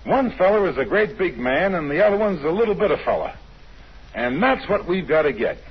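A man performing in 1930s radio acting style, talking in a quick, animated, coaxing way, in a dull lo-fi old radio recording. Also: a little high, slightly rough.

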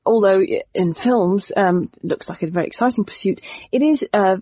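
A woman playing a callous author guest who speaks about animals in a dry, deadpan, unapologetic way. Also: medium pitch, moderate pace, no echo, lightly acted. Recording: dull dry studio sound.

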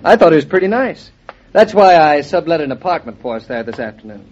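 An actor playing a teasing, playfully evasive young husband keeping a secret in a 1940s radio drama. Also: male voice, a little high, very animated, brisk, a little mellow. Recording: dull lo-fi old radio recording.

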